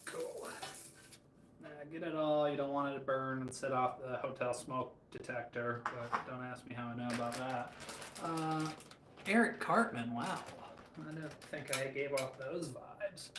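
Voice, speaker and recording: A man's voice: medium pitch, a little slow, background noise. Chatty man cooking in a roomy space. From Michigan, USA. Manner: rambling, joking asides while answering chat. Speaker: cooking streamer. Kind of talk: casual cooking livestream. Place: hotel room kitchen. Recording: roomy with faint ambience.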